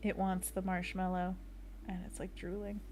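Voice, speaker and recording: A woman's voice: on the low side, level tone, moderate pace, a little mellow, slight background noise. A woman illustrator on a casual livestream, talking while she draws, reading chat aloud and making little sound effects. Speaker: illustrator streaming a sketching session.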